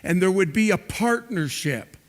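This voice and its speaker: A man preaching a sermon as pastor, slow and emphatic, repeating words for stress. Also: high-pitched, expressive.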